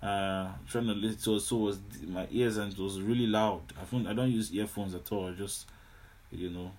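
A man preaches a sermon in a lowish, slightly mellow voice at normal speed, his intonation fairly even. He repeats himself a lot and keeps breaking in with exclamations of hallelujah and amen as he teaches.

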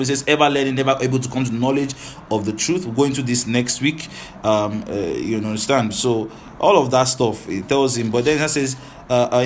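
Man preaching verse by verse, rapid and lively, faint noise behind. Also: medium pitch. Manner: rapid, animated, with frequent "right?" and "hallelujah". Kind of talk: Bible teaching sermon.

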